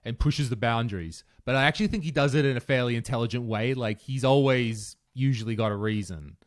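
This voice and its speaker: A man co-hosting a podcast, telling lively stories in a casual chat and swearing freely. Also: medium pitch, brisk. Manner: animated storyteller, swears casually. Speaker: podcast co-host.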